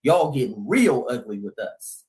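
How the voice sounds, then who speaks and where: A man's voice: medium pitch, very animated, unhurried, a little mellow. A man hosting a heated commentary monologue, speaking emphatically and calling his listeners family. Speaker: host.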